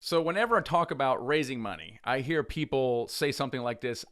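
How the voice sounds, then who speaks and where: A man teaching real estate investing straight to camera, persuasive and energetic, restarting phrases as he goes. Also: mid-range voice, fairly quick, hardly any pauses. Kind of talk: direct-to-camera teaching talk.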